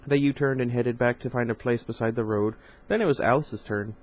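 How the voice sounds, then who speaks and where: A man's voice: medium pitch, steady tone, fairly quick, rough recording. A man reading a novel aloud in an informal way, with casual asides and stumbles over hard words. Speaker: reader.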